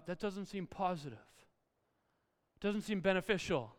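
A man preaching a sermon, telling funny stories about his family in an animated, self-deprecating way. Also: high voice, a little fast, smooth, big-room sound. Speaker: pastor.

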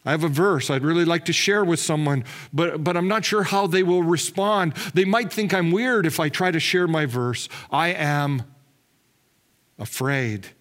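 Man preaching with slow, weighty pauses. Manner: measured, slowing and dropping low on key words; candid, self-deprecating asides with light laughs. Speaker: pastor. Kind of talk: sermon.

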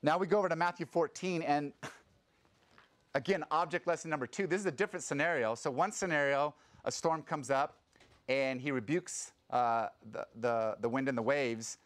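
A man giving a sermon as a pastor, talking casually and acting out quotes in a louder voice. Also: fairly high pitch, normal speed. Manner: conversational, animated preaching with sudden loud acted quotes.

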